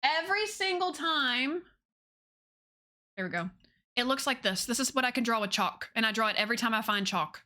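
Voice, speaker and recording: A woman's voice: fairly high pitch, lively intonation, normal speed, sharp tone. A woman streamer chatting casually with her viewers, bubbly and giggly. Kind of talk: casual chat with viewers while drawing.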